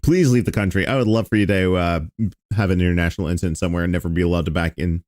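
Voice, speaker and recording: A lowish male voice, dry and close with no room sound, making sarcastic jabs as he reacts to a clip. He talks casually and swears freely, poking fun at the video. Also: steady tone, rapid-fire, a little mellow, no room sound. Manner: mocking, sarcastic and profane. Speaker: streamer reacting to an old video.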